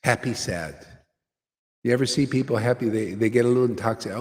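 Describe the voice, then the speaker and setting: A man's voice: medium pitch, a little fast, a little mellow. A man giving an informal devotional talk as a spiritual teacher, loose and conversational, often tossing in "see?" and "man". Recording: long hall reverb.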